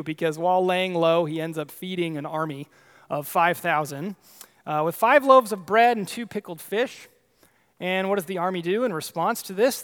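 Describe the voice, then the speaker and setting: A man preaching a sermon, retelling scripture in a conversational, animated way with casual asides. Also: high-pitched, in a large hall. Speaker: pastor.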